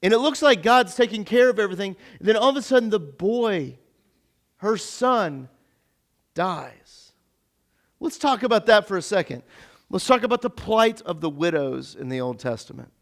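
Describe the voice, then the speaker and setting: A male pastor giving a casual, interactive sermon in a church, chatty and stumbling over his words, acting out the characters' lines in quick asides. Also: sits high. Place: church sanctuary.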